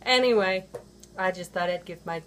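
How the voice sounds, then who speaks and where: A woman's voice: on the low side, moderate pace, slight background noise. Chatty rambling woman vlogger. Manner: rambling, chatty, with many fillers and restarts. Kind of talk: casual chat.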